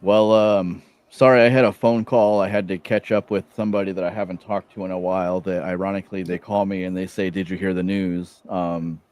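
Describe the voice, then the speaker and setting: A man asking questions in a relaxed way on a live stream. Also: low-pitched, brisk, hardly any pauses, dull audio. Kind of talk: casual live-stream talk.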